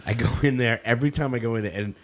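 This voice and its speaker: A man's voice: mid-range voice, very fast. A man in his fifties co-hosting a podcast, telling rambling stories in casual chat and laughing often. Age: 50s. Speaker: podcast co-host.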